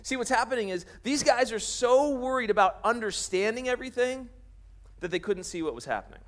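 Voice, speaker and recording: A man's voice: very high voice, lively intonation, brisk. A man preaching a sermon, telling the story in a jokey way and acting out the characters' lines as he goes. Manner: jokey, laughs at his own jokes. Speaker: pastor.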